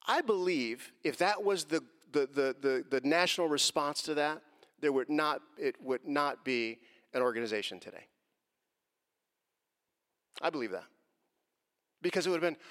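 A middle-aged man giving an earnest answer to a question on faith and race, moving from quiet reflection to impassioned emphasis. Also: fairly high pitch, lively intonation, moderate pace, pauses often. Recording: long hall reverb.

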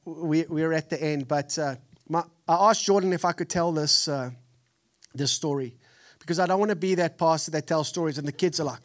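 A man in his forties with a Texan accent, preaching a sermon in an animated, storytelling way. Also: a little high, fairly quick. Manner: animated storytelling, acts out family voices. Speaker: pastor. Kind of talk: sermon with personal stories.

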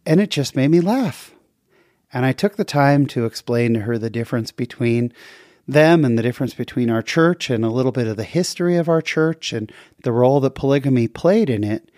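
Earnest guy from the western us telling a church story on his podcast, relaxed warm voice. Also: a little fast, no echo, clean studio sound. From western United States. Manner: earnest, lively retelling with sudden pitch jumps. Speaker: podcast host. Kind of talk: casual faith storytelling podcast.

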